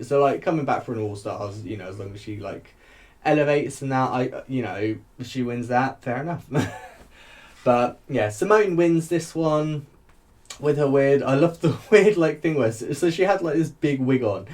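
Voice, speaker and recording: Male YouTuber, casual rambling chat, laughs a lot, mid-pitched voice. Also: normal speed, darkish tone. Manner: rambling, chatty, laughs often. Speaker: YouTube reviewer.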